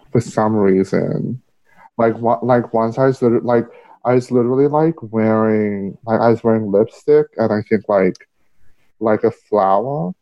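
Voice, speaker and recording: A man's voice: mid-range voice, warm tone. A man in casual conversation, telling stories candidly with lots of fillers and swearing. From Australia. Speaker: podcast guest. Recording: muffled lo-fi audio.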